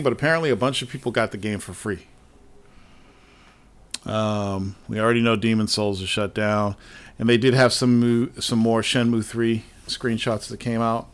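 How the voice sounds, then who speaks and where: A man's voice: medium pitch, normal speed, a bit bright, clear, resonant tone. A man hosting a gaming podcast, chatting casually about game news, swearing freely and laughing often. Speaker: podcast host.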